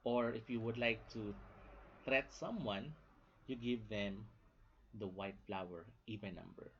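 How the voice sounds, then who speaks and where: A man's voice: fairly low pitch, a little slow, fairly bright tone, slight background noise. A man from the Philippines with a Filipino English accent, giving a classroom lecture, repeating key phrases and checking in with "okay?". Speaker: teacher. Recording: dull lo-fi recording.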